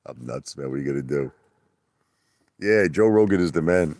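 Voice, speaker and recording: Deep-voiced rambling New man. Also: expressive, moderate pace, pauses often, darkish tone, no echo. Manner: rambling, boastful, breaks into laughter and mock falsetto. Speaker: livestream host. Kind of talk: casual livestream chat. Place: outdoor hot tub at night.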